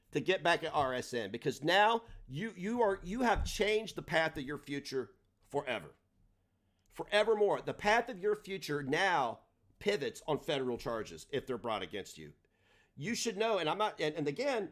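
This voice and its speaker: A man hosting a livestream, ranting in a combative, profane way, his delivery swinging between loud and soft. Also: on the high side. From United States. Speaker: livestream host.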